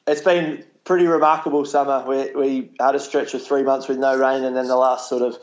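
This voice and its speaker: A man's voice: mid-range voice, fairly quick. Laid-back Australian man, interview guest. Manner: relaxed, hesitant, many restarts and "you know". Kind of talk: casual interview chat.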